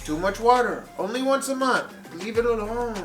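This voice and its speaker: A man's voice: very high-pitched, animated, normal speed, echoey room, soft background music, pitched above the performer's own voice. A man putting on a flamboyant mock-Spanish plant lover. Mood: playful. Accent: put-on Spanish. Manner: theatrical, doting on his plants. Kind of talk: comic vlog persona.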